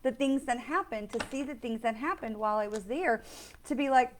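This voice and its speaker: A middle-aged woman speaks in a fairly high voice, hosting a weekly spiritual talk. She is chatty and enthusiastic and keeps checking in with her listeners as she goes. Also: fairly quick, a little hiss or hum. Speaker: psychic medium hosting a weekly live. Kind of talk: casual spiritual talk with card readings.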